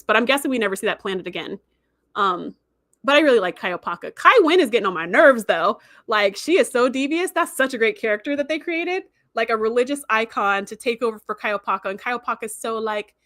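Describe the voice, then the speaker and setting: A young woman hosting a casual live chat, talking in a lively, animated way and acting out quotes as she goes. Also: on the high side, no room sound, studio quality. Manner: chatty, animated, acts out quotes. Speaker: podcast host answering live chat.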